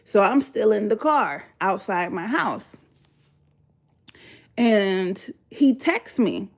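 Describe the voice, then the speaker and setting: Brief: woman storyteller for a storytime vlog, expressive and swearing freely, pitch spiking on outbursts. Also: takes it slowly, gravelly. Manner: animated, profane, jumps high when exclaiming. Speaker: YouTuber telling a story; mother of three.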